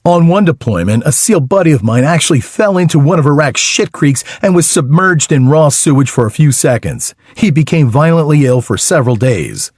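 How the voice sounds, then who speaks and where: Male first-person audiobook narrator, wry and lively delivery, dry close studio sound. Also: fairly high pitch, normal speed, few pauses, no echo.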